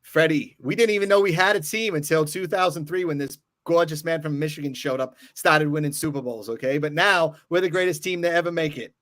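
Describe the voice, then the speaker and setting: A man hosting a casual sports chat, ranting in an animated way and then apologizing for yelling. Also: a little high, a little fast, few pauses, dry recording. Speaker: podcast host.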